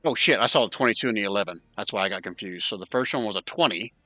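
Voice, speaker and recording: A man running an online tabletop game as dungeon master, counting moves aloud and tossing in quick asides. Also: fairly low pitch, bright, forceful tone, dry recording.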